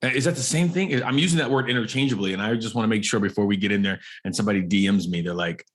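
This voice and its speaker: A man hosting a podcast, excitable and self-deprecating, talking in quick bursts and laughing often. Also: on the low side. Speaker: podcast host. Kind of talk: podcast interview.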